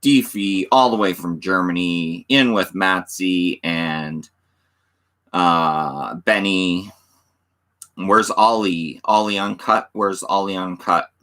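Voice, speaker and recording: A man's voice: low voice, slow, bright, forceful tone. A middle-aged man hosting a casual livestream, reading viewer comments aloud and joking like an auctioneer. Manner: reads chat aloud, mock auctioneer banter. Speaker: livestream host.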